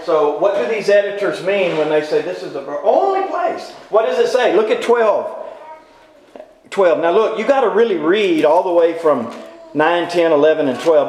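A Bible study teacher with a noticeably high, darkish voice leads an interactive class in a folksy, informal style, throwing questions at listeners and repeating them until someone responds. The room is very echoey.

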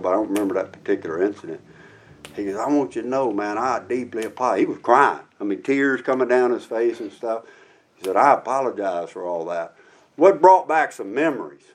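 A middle-aged man, a former prison officer turned preacher, telling a testimony in a folksy sermon style. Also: on the low side. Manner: folksy storytelling, drawn-out emphatic asides.

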